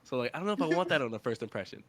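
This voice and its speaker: A man's voice: mid-range voice, animated, rapid-fire. A man in casual podcast chat, joking and repeating himself for effect. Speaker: podcast co-host.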